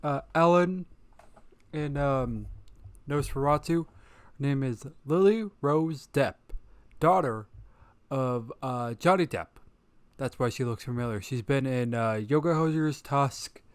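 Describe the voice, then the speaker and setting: Podcast guy, smooth crisp voice, dead dry sound, lots of ums. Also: medium pitch, no room sound. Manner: relaxed, halting with fillers. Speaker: podcast co-host. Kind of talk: recorded voice-over aside.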